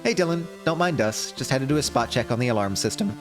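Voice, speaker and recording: A breezy, sly young crewwoman, as a male streamer puts her on for a video game, light and high-pitched compared with his usual voice. Her lines land over game music. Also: animated, quick pace, natural voice. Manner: breezy, fibbing with a smile.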